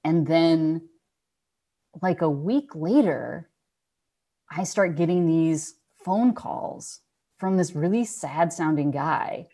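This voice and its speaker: A woman with a low voice tells a rambling, animated story on a video call. She swears freely and talks the way she would with friends. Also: slow, pauses often. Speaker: guest telling a story.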